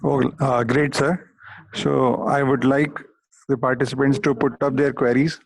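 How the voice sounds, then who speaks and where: A man's voice: mid-range voice, flat delivery, measured pace, creaky, husky, no echo. A man moderating a webinar, speaking in a polite, formal way.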